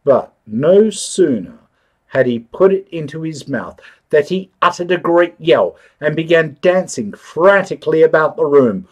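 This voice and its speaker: Expressive male storybook narrator. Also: a little high, measured pace. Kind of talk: storybook reading for English learners.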